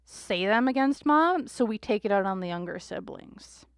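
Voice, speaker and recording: A woman's voice: mid-range voice, lively intonation, normal speed, clear, resonant tone, no echo, studio quality. A young woman, reading tarot cards casually to camera and acting out imagined quotes with casual swearing. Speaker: tarot reader.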